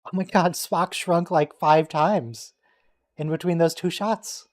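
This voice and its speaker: A man hosting a casual watch-along stream, joking and quickly reacting to what's on screen and teasing his friends. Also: fairly high pitch, fairly even intonation, a little mellow. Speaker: stream host.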